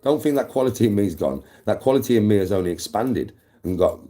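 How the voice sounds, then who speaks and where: A man's voice: on the low side, expressive, fast, dark tone. Intense, swearing man streaming. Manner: intense, emphatic, heavy swearing. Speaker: livestreamer. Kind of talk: livestream chat to viewers.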